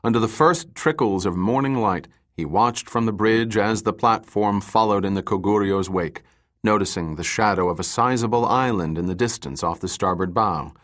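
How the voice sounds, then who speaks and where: A man narrating a thriller with a low-pitched voice. He reads evenly and steadily, keeping the action clear. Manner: even, measured reading. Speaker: audiobook narrator. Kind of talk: scripted narration.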